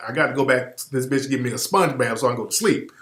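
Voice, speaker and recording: A man doing a small, smooth-talking ladies' man. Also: fast talker, close to an everyday voice. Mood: menacing. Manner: calm, low-key, quietly menacing. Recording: roomy studio echo.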